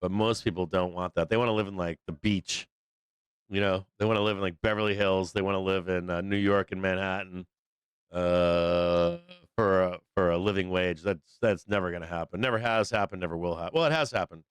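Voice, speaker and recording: Low-pitched and brisk, this man's voice has fairly even intonation and a clear, resonant quality with no echo. He's a Bostonian hosting a live stock market stream, chatting casually in a rambling, profane style full of fillers.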